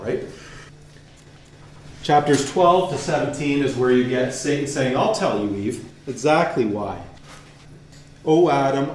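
A man's voice: mid-range voice, a little mellow. Guy lecturing on a podcast, reads a passage then chats about it, asks questions back at you, echoey room, bit of hiss. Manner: reads quotes aloud, then comments conversationally with rhetorical questions. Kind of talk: lecture-style podcast reading and commentary. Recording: roomy echo, faint ambience.

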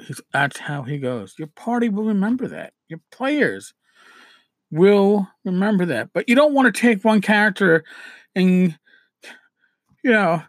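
A man with a rather high voice talks through tabletop game-mastering tips in a loose, rambling way, repeating himself and poking fun at himself as he goes. The sound is dry and close, with almost no room in it. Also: no room sound. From New York City. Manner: rambling, self-deprecating, with frequent restarts. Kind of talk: casual advice talk.

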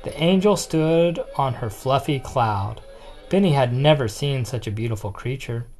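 A storyteller reads a children's picture book aloud at a steady, even pace. The voice sits at a middling pitch and is expressive without rushing. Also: faint music behind.

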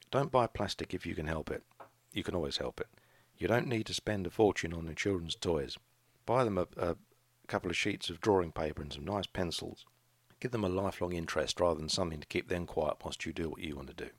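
A middle-aged man with a deep, husky voice talks through a casual solo podcast. He rambles and restarts his sentences often. The recording is close and dry. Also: dry recording. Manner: rambling, hesitant, with frequent restarts. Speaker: podcast host, craft shop owner.

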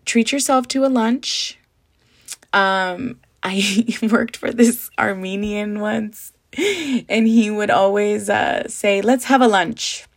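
A woman's voice: mid-range voice, steady tone, slow pace, gravelly. Chatty candid woman podcaster. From Southern California desert. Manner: candid, chatty, swears freely, code-switches to Spanish. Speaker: podcast host. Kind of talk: casual solo podcast chat.

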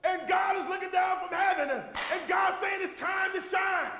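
A man preaching a sermon as pastor, with a Southern American accent, shouting and repeating refrains to a responding congregation. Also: extremely high pitch, normal speed, some chatter behind. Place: church sanctuary with congregation. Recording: echoey hall recording.

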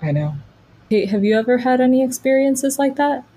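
A woman's voice: high voice, expressive, brisk, dark tone. An American woman co-hosting a podcast, telling stories in a casual, chatty way full of "like". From United States. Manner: chatty, storytelling, frequent "like" fillers. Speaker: podcast co-host.

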